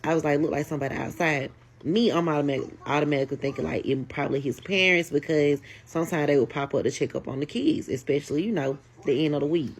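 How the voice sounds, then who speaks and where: A woman tells a casual storytime. She is animated and keeps addressing her viewers directly. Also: low voice, fast.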